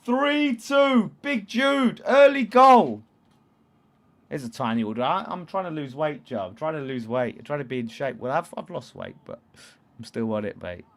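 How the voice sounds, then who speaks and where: A man in his thirties with an East London accent, hosting a football watchalong in casual chat, reading out comments and erupting into loud shouts at chances. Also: medium pitch, lively intonation, fairly quick, vocal fry. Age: 30s. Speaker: livestream host.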